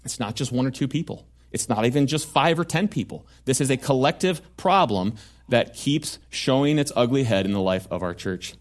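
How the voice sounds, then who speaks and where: A man's voice: medium pitch, animated, normal speed. Earnest male pastor preaching a sermon. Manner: earnest, conversational preaching with asides to the congregation. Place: church.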